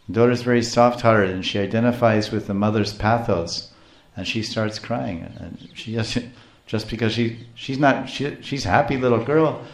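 A spiritual teacher gives a scripture lecture in a medium-pitched voice, telling stories, acting out quotes, and often restarting his sentences. The sound is reverberant.

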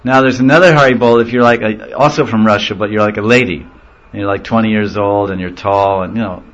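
A man's voice: lowish voice, fairly even intonation, fast talker, a bit bright. Man telling anecdotes in a devotional talk. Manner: storytelling, laughing, acting out voices. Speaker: spiritual teacher. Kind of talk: informal religious talk. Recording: muffled lo-fi recording.

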